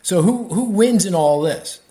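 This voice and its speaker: A man, an economist guest on a podcast interview, explaining with animated restarts and many fillers. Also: sits high, unhurried.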